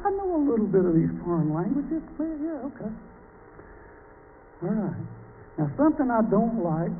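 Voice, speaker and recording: A man teaching a church Bible class in a chatty, joking way, quizzing his audience. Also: high voice. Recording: tinny phone-like sound, faint noise.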